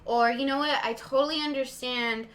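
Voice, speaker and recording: A woman's voice: high voice, fairly even intonation, moderate pace, fairly bright tone. A woman co-hosting a podcast in casual chat, eagerly agreeing and acting out sample conversations. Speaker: podcast co-host.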